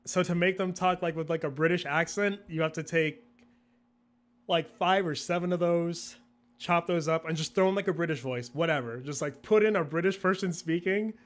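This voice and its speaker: Laughing, rambling young man, higher voice. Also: moderate pace. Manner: rambling, laughs often, acts out his own thoughts in quotes. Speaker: guest, video creator. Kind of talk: casual interview chat.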